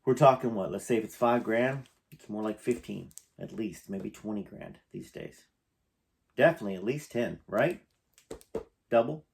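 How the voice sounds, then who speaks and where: A man's voice: fairly low pitch, lively intonation, normal speed, gravelly. A man reading a memoir aloud and breaking off into rambling, emotional, conversational asides.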